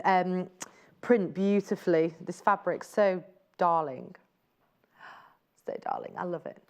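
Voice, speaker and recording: A woman hosting a live TV shopping segment, chattering warmly about each piece and breaking into delighted exclamations. Her voice sits at a middling pitch and she keeps the patter flowing in an easy, informal way. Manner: chatty and gushing, exclaims over fabrics. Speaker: shopping channel presenter. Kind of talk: live TV selling chat.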